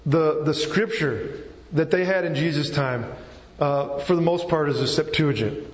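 A man preaching a sermon with a slightly high voice, walking through each point and checking in with his listeners. His voice rings around a large, echoey hall with a long reverb tail, and the sound is a little dull. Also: unhurried. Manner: explains step by step, checks in with the listeners.

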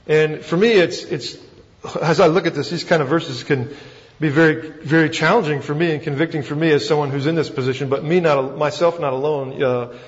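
Texan pastor guy teaching scripture, kinda high voice, chatty and folksy, dull echoey church recording. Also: steady tone, brisk. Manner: folksy, self-deprecating, conversational with fillers. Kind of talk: Bible teaching sermon. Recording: dull recording with long hall reverb.

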